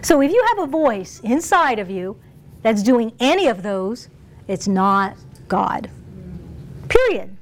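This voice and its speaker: A woman giving an informal Bible teaching, chatty and animated, often laughing and restarting phrases. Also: on the high side, slow pace, pauses often. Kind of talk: informal sermon.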